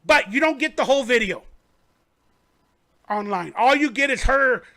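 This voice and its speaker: A man hosting a fan livestream, telling a story in an animated, rambling way. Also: extremely high pitch, normal speed. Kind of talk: casual sports commentary.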